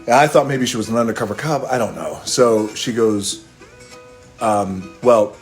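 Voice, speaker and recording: Male host, deeper register, loose and salty anecdotal storytelling over faint background music. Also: moderate pace. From Hawaii. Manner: loose, profane, chuckling anecdotal delivery. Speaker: live stream host. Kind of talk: casual storytelling.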